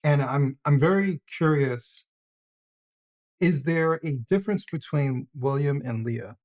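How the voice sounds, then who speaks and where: A host asking questions in casual conversation, halting and searching for words. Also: mid-range voice, darkish tone.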